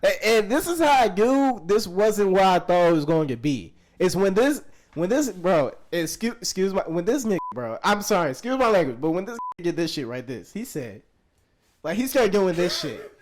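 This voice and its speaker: A man's voice: sits high, very animated, normal speed, slight background noise. A young man in his twenties, co-hosting a podcast, telling a story in casual, profane slang and laughing often. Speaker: podcast co-host.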